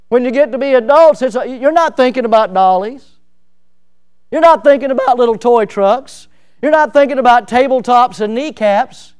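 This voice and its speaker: A middle-aged man preaching a sermon in a folksy, animated way, with lots of fillers. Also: extremely high pitch, smooth. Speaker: pastor.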